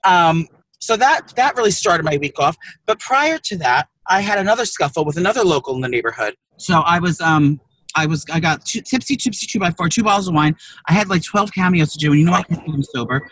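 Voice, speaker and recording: A man co-hosting a comedy podcast, rambling through crude stories with loud, profane rants. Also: a little high, expressive, a little fast. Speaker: podcast co-host. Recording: distant from the mic.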